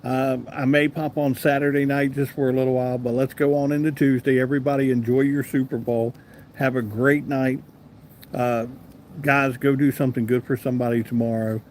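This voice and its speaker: A man's voice: medium pitch, flat delivery, brisk, darkish tone, a little hiss or hum. A man with a Southern US accent hosting a casual live stream, chatting easily and answering viewers by name. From American South. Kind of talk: casual live chat reading comments.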